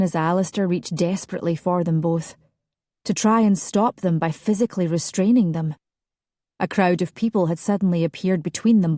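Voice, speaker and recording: Woman narrating with a low, dry voice. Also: warm tone, no echo. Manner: measured, dramatic storytelling. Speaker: audiobook narrator. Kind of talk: scripted narration.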